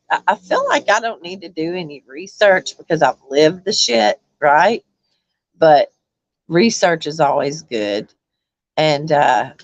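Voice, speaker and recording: A woman chatting on a livestream, halting with many ums and restarts as she reads viewer comments. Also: low voice, dull audio, slight background noise. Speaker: YouTube livestream host. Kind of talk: casual livestream chat reading comments.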